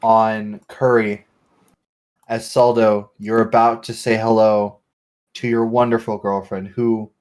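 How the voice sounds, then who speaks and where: A man's voice: lowish voice, flat delivery, darkish tone. A man running a tabletop game, narrating scenes and laughing as he quotes the characters. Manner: laughing, swearing, acting out characters in quick quotes. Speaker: game master.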